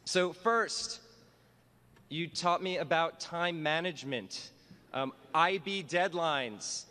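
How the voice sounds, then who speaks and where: A man's voice: fairly high pitch, slow pace, pushed and bright, in a large hall. A man, a teacher, giving a humorous commencement address in a wry, self-mocking way. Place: school graduation hall.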